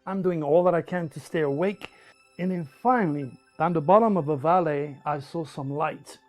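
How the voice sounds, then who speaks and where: An older man with a French accent tells a personal story in a high, lively voice. He talks in an emphatic, animated way and leans on repeated words. Soft music plays faintly underneath. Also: moderate pace. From France. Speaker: interviewee. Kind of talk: storytelling anecdote.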